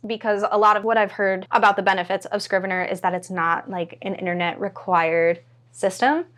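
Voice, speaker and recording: Woman vlogger rambling casually, lots of likes, average pitch. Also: a bit bright. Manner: chatty, enthusiastic, frequent "like" fillers. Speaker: writing vlogger. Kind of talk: casual talking-to-camera vlog.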